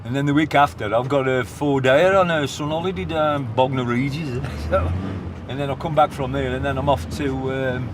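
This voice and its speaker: A man's voice: medium pitch, normal speed, noisy background. A retired man, telling chatty anecdotes full of local slang with little chuckles. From Black Country, England. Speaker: retired pub enthusiast. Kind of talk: casual storytelling interview.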